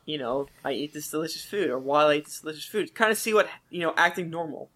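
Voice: mid-range voice, animated, quick pace, fairly bright tone. A tabletop game player talking casually and easygoing, laughing often.

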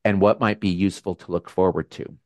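A man hosting a casual video call with his members, talking in a gentle, musing way with frequent restarts. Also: deep voice, steady tone, brisk, no room sound. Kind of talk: casual reflective talk.

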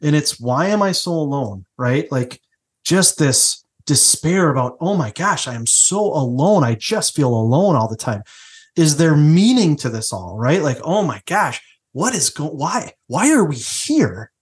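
A man's voice: on the high side, big pitch swings, a little slow, slightly rough. A man co-hosting a podcast, talking casually about faith and often checking in with "right?". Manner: conversational, repeats "right?" often. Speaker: podcast co-host.

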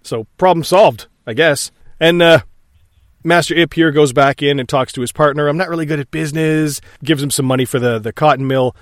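A man co-hosting a casual film discussion, animated and quick to act out lines from scenes. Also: a little high, no echo, studio quality. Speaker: podcast co-host.

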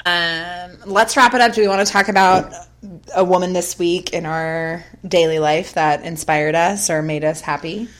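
A woman's voice: lowish voice, steady tone, normal speed, a bit bright. A woman in her late twenties or thirties co-hosting a podcast, chatting casually and animatedly, swearing freely and acting out quotes. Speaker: podcast co-host.

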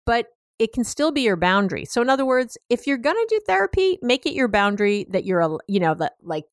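A woman's voice: fairly high pitch, big pitch swings, quick pace, few pauses, no room sound, clean studio sound. A woman therapist giving advice on a podcast, talking directly and casually with lots of fillers and acting out what clients and partners say. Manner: chatty and direct, many "you know" fillers; acts out clients' and partners' voices.

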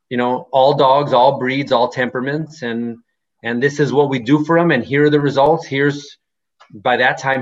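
A man's voice: medium pitch, lo-fi sound. A man who runs a dog business, talking casually in an interview and rambling with lots of fillers. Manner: rambling, many "you know" fillers. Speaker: dog-running business owner.

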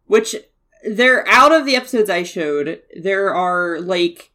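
A woman's voice: on the low side, animated, takes it slowly, pushed and bright. A young woman co-hosting a podcast, chatting casually and thinking aloud with many fillers. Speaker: podcast co-host. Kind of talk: casual chat.

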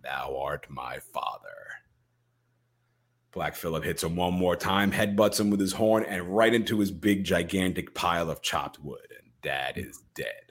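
A man co-hosting a podcast, retelling a film scene by scene and acting out the quoted lines with energy. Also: low-pitched. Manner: animated storyteller, acts out quoted lines. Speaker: podcast co-host.

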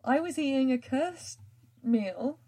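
A woman's voice: high voice, animated, slow, warm tone. A woman, hosting a podcast in casual chat, rambling with many fillers and frequent laughs. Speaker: podcast host and writer.

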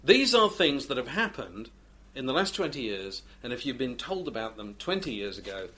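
A man's voice: medium pitch, sing-song, moderate pace, sharp tone. A man co-hosting a radio chat show, talking in a hesitant, wry way with many restarts. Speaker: radio co-host, magazine editor. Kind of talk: casual studio chat.

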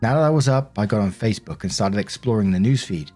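Husky man narrating a story. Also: lowish voice, fast, soft background music. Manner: steady first-person reading. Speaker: narrator of online stories. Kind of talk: reading a story aloud.

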